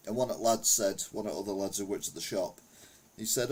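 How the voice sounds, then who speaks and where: Talking fast in a lowish, darkish voice with a breathy edge, this middle-aged English man hosts a relaxed retro gaming stream. He wanders through anecdotes from the past and reads the chat aloud.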